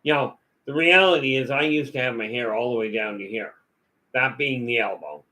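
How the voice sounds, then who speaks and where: A man's voice: medium pitch, moderate pace, sharp tone, poor audio. A man giving a rambling, folksy talk full of stories and asides as a vlog host. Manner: folksy, storytelling, many "you know" fillers.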